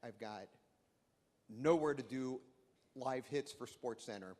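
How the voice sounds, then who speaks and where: A man from the audience telling an animated work story at a panel discussion. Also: mid-range voice, slow. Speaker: audience member sharing a story. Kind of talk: anecdote told at a panel. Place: conference hall. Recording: echoey conference hall.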